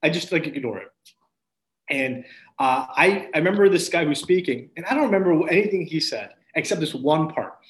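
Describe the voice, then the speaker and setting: A man, a podcast guest, earnestly telling his personal faith testimony as a story, with restarts and soft laughs. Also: fairly high pitch, animated, moderate pace. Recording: roomy echo.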